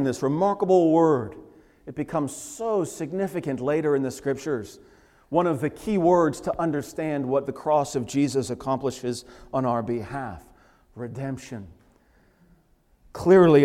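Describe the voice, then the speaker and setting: A man's voice: mid-range voice, warm tone. A male pastor preaching a sermon, rising emphatically when he quotes scripture. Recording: long hall reverb.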